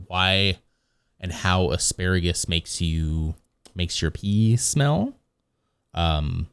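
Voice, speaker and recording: A man with a fairly low but lively voice rambles through a live stream, talking loosely and backtracking mid-sentence as he reacts to videos and chat. His pitch swings up and down a lot, and he sits close to the mic in a dry, dead-sounding room. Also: clean tone, no echo. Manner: rambling, self-correcting, reads chat aloud.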